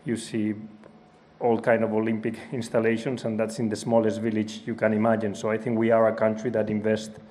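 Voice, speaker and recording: A Spanish-accented man answers at length in a composed, articulate way. His voice is on the low side and stays quite level in pitch throughout. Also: monotone, fairly quick, a little mellow. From Spain. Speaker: racing driver. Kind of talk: press conference answer. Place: press conference room.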